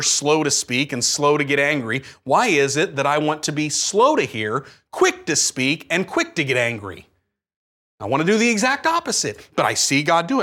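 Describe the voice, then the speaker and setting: A man preaching a sermon, animated, acting out his own pleading prayers. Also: a little high. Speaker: pastor.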